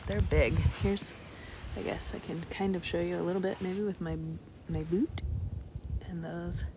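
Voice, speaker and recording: A woman giving live-streamed commentary on a night beach walk, bubbly and excitable as she points out sea creatures outdoors. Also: lowish voice, noisy background. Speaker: naturalist guide on a live stream.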